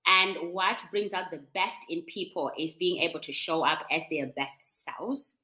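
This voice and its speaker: A woman's voice: lowish voice, unhurried, pushed and bright, poor audio. A woman from Zimbabwe with a Zimbabwean accent, speaking as a guest on a panel and explaining her points in a conversational way.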